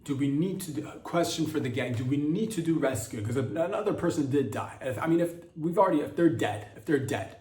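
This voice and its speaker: A man's voice: fairly high pitch, animated, a little fast, few pauses, darkish tone. Rambling crude male podcast comic. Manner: rambling, crude, many fillers and restarts. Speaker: podcast host. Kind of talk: rambling comedic monologue. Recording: roomy echo.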